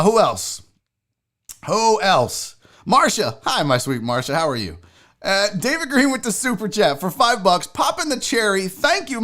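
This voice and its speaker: Guy hosting a chill livestream, jokey, swears a lot, high voice jumping up and down. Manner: animated, joking, swears freely. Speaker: host. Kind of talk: casual livestream chat.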